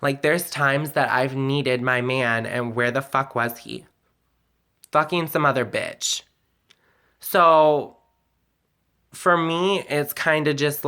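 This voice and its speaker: A man's voice: medium pitch, bright, forceful tone. A man telling a personal story in a confessional vlog, candid and emotional, rambling with many "like"s and the odd swear word. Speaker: vlogger.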